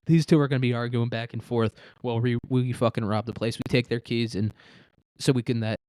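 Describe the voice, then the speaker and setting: A man's voice: medium pitch, fairly even intonation, fairly quick, darkish tone, no room sound. A man hosting a comedy podcast, rambling through a crude, joking hypothetical monologue. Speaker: podcast host.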